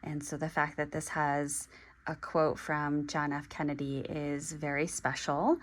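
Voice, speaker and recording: Woman in her forties, low voice, slow and halting, lots of ums, unboxing stuff for her channel. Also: flat delivery, a little hiss or hum. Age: 40s. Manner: hesitant, halting, many ums and restarts. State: emotional, getting teary. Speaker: stationery vlogger. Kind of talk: casual unboxing vlog.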